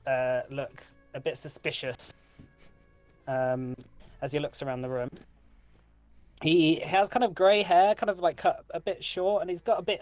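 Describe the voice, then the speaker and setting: Halting male game master narrating. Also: fairly high pitch, a little mellow, no room sound. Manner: halting, many fillers, laughs often.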